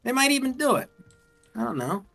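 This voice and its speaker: A man's voice: very high voice, very animated, a little fast, creaky, sharp tone, soft background music. A man chatting on a game stream, arguing points in a careful, lecturing way. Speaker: streamer co-host. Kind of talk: casual chat while gaming.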